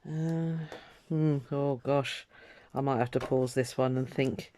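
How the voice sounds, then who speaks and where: With an extremely low, steady, warm voice, a woman talks slowly through her crafting vlog. She's chatty and rambling, trailing off, starting over, and filling gaps with ums.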